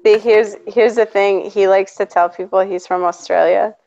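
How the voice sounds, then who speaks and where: A woman's voice: mid-range voice, steady tone, moderate pace, vocal fry, a crowd in the background. A woman co-hosting a stream, joking and teasing in casual chat. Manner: jokey, teasing, laughs often. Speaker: co-host of a stream. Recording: lo-fi stream audio.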